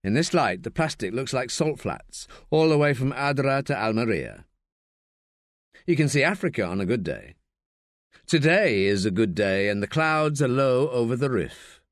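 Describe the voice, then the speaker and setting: A man reading an audiobook as narrator, measured and expressive. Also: mid-range voice, dry recording, studio quality. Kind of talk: scripted narration.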